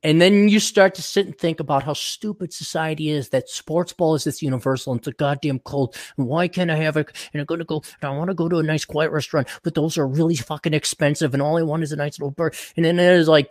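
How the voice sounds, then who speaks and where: A man's voice: a little high, fairly even intonation, fast, no echo, studio quality. A man hosting a podcast in casual chat, ranting crudely and mocking. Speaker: podcast host.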